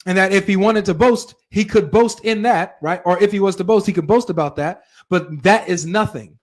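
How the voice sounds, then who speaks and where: A man hosting a live reaction stream, reading chat and talking straight to his viewers in an animated way. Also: sits high. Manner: animated, talks straight to viewers with frequent asides.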